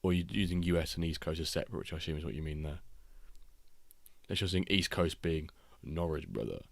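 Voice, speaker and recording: A man, chatting casually and reacting excitably while hosting a live football watchalong stream. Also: extremely low pitch, a little fast, creaky, no echo. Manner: rambling, excitable reactions to match action.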